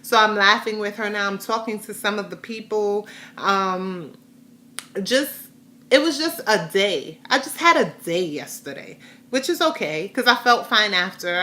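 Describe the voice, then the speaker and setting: Bright voiced woman rambling thru a personal story on her vlog, keeps restarting. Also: medium pitch. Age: adult, has a grown son. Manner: candid, rambling retelling with frequent restarts. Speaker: vlogger.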